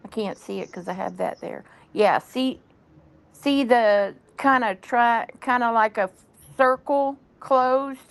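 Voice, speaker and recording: Woman co-host, a bit higher voice, matter-of-fact explainer, casual chat. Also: slow, gravelly, no room sound, rough recording.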